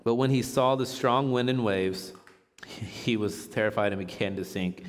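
A man's voice: on the low side, measured pace. A man giving a casual, chatty sermon, reading scripture aloud and joking with a laugh as he teaches. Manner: relaxed, chatty, jokes and laughs while teaching. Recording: long hall reverb.

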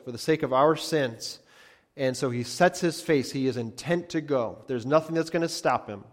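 Pastor guy preaching, earnest, repeats stuff, loud then soft, big echoey church hall. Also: mid-range voice. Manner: earnest, varies loudness for emphasis, repeats phrases. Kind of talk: sermon.

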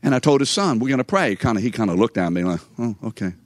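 A man's voice: medium pitch, very animated, rapid-fire, no room sound. An older man giving a sermon as a story, chatty and conversational, speaking straight to his listeners. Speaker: preacher.

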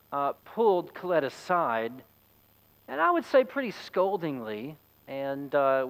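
A man's voice: mid-range voice, poor audio. A man, a pastor, preaching a sermon in a conversational, storytelling way. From United States.

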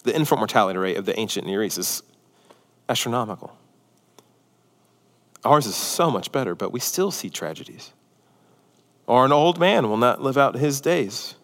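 A pastor preaching a sermon, a man who swings between loud, excited emphasis and hushed, near-whispered lines. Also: medium pitch, normal speed, long pauses, long reverb tail.

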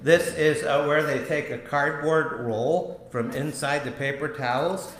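A middle-aged man preaching a sermon in a church, leading a prayer and then talking in a conversational, gently humorous way. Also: a little high, measured pace, slight background noise. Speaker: pastor. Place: church sanctuary. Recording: echoey church room.

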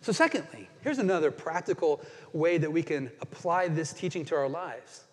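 A man's voice: fairly high pitch, expressive. Earnest male pastor in a reverberant church. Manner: earnest, with dramatic slowdowns on quoted scripture. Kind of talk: sermon. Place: church sanctuary.

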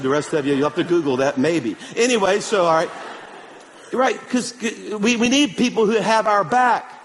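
A male pastor preaching a sermon in a church, telling stories with animated energy and calling for amens. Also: high voice, big-room sound. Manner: animated storytelling, calls for amen.

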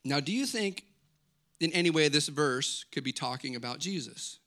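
A man's voice: fairly high pitch, normal speed. A man preaching a sermon to a congregation, telling stories with humor and reading scripture with rising emphasis. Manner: animated, joking storytelling preacher. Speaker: pastor.

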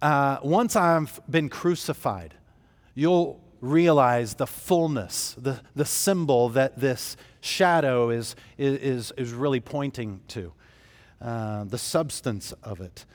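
A man's voice: medium pitch, slow pace, big-room sound. A man preaching a sermon as pastor, telling the story in an earnest, emphatic way.

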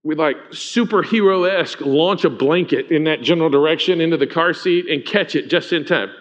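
Pastor, male, higher voice, chatty sermon delivery with questions to the room, dull lo-fi recording. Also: moderate pace, few pauses. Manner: informal, asks the congregation questions. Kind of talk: conversational sermon. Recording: dull lo-fi sound.

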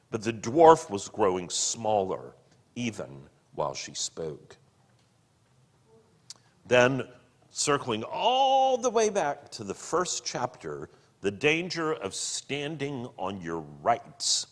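Slow, expressive male reader. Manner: slow and expressive, with wide pitch swings. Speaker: reader and teacher. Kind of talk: reading aloud from a book with commentary. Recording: long hall reverb.

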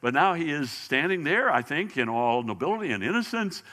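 A man teaching a Bible lesson in sermon style, animated and often restarting his words, speaking to an audience in a large hall. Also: a little high, brisk. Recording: long hall reverb.

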